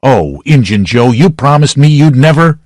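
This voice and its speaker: Brief: man voicing a panicked, weepy accused townsman in an audiobook, pitched up, pleading. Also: steady tone, moderate pace, darkish tone, dry recording, studio quality, lightly acted. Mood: pleading, despairing. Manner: pleading, tearful. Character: terrified pitiful accused townsman, broken.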